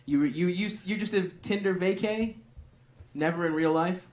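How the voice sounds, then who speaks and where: A man's voice: high voice, normal speed. A man doing stand-up on stage, rambling through profane, self-deprecating crowd work. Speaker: stand-up comedian. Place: comedy club stage. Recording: live comedy club with crowd noise.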